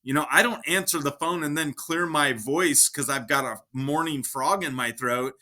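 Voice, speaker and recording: Bright, energetic man co-hosting. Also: a little high, normal speed. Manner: energetic, upbeat, gives lively examples. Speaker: podcast co-host. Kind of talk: casual advice chat.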